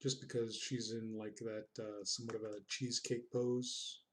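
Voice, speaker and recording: A man's voice: lowish voice, little pitch movement, moderate pace. A man streaming his drawing, chatting casually, reading out chat comments in a rambling, self-deprecating, goofy way.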